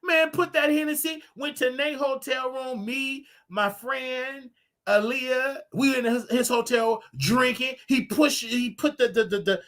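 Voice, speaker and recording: A man hosting his own show, ranting and preaching to his audience in a casual, animated way with loud outbursts. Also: very high voice, a little slow. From United States. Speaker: show host. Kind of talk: casual livestream rant.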